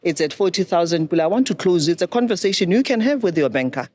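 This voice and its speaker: A middle-aged woman, a banking expert giving measured, instructive advice. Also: low-pitched, animated, darkish tone, dry recording. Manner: measured, instructive, poses questions to listeners. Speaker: banking and microfinance expert guest. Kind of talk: explanatory advice talk.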